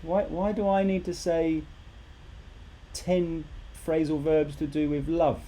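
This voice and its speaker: A man's voice: a little high, flat delivery, takes it slowly, warm tone. A man teaching a live English lesson, talking animatedly and repeating rhetorical questions to his students.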